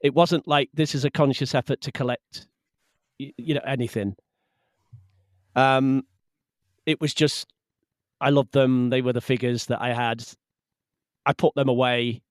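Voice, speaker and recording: A man, a podcast guest in casual chat, lively and quick to laugh. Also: medium pitch, no room sound, studio quality.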